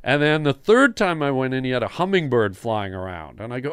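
Smooth-voiced older man telling a story. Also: mid-range voice, fairly quick, hardly any pauses, no room sound. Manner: animated storyteller, acts out quoted dialogue. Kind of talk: casual storytelling chat.

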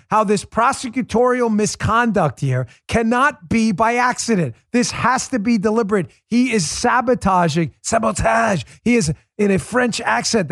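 A middle-aged man with a fairly high voice delivers a pointed commentary monologue as a podcast host. He talks to the listener directly and hammers his points home through repetition. The sound is dry and close, with little room around it. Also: no echo. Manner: emphatic, conversational, repeats for stress.

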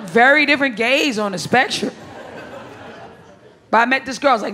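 A woman's voice: on the high side, normal speed, bright, forceful tone, a faint crowd. A woman performing a stand-up comedy set, brash and blunt, with crude punchlines and bursts of laughter. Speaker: stand-up comic.

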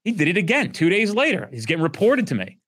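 A man with a slightly high voice talks in a blunt, profane, animated way in a casual podcast chat. He runs a police training company and acts out quoted talk in loud bursts. The sound is dry and close. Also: quick pace, slightly rough, no echo.

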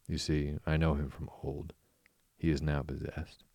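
A man's voice: extremely low pitch, level tone, a little slow, gravelly, no echo, full character voice. A man voicing a sensible, exasperated male water rat who speaks firmly and sharply. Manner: firm and sharp.

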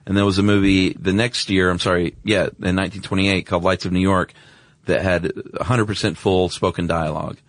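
Deep-voiced man in casual podcast chat. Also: fairly quick, no room sound. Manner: relaxed, conversational, many fillers. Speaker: podcast co-host.

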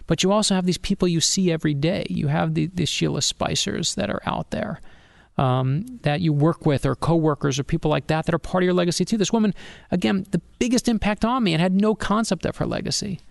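A middle-aged man, an author being interviewed on a podcast, telling a personal story with animated energy and acting out the people he quotes. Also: high voice, fairly quick, creaky, dry recording, studio quality. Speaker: author guest.

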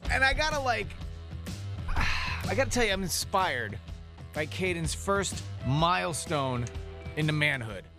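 A man's voice: a little high, sing-song, unhurried, long pauses. Man, radio co-host, wry teasing, call-in reads, faint music behind. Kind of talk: casual radio banter. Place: radio studio.

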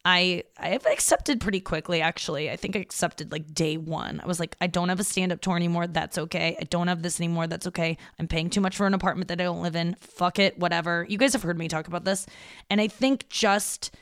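A woman in her thirties talks through a casual, confessional podcast monologue. Her voice sits a little low and sounds smooth and clear. She rambles, runs herself down and swears freely. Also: fairly even intonation, brisk, fairly bright tone. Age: 30s. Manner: candid, rambling, self-deprecating, swears freely. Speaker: podcast host.

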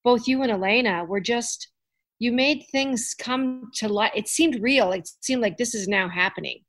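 A woman's voice: on the high side, normal speed, a bit bright. A woman hosting an interview podcast, chatty and self-deprecating, joking as she goes. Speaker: podcast host. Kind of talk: casual interview chat.

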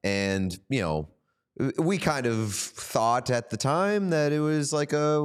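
A man's voice: mid-range voice, measured pace, smooth. A young man co-hosting a hockey podcast, talking animatedly and laughing between points. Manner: animated, laughs, acts out quotes. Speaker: podcast co-host. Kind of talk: casual sports chat.

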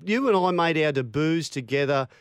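A man's voice: a little high, expressive, moderate pace, smooth, dry recording, clean studio sound. An Australian man hosting a radio show, telling stories and laughing easily. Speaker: radio host. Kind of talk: casual radio banter.

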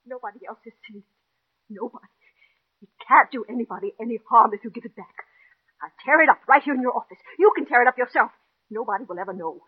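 An actress playing a neurotic, jealous middle-aged wife who pleads in an overwrought, breathless way, acted in 1940s radio-drama style. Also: female voice, a little high, animated, fast, breathy edge. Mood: desperate. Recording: tinny old radio broadcast.

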